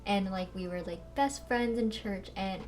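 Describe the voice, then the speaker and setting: A young woman in her twenties, co-hosting a podcast, telling a story in casual chat, animated and full of "like" and swearing. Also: mid-range voice, a little slow, far from the mic, slight background noise. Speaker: podcast co-host.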